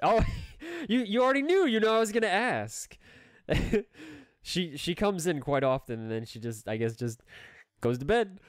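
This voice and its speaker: A young man streaming video games in a casual way, goofy and self-mocking, jumping between high squeaks and low mumbles. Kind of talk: casual gaming commentary.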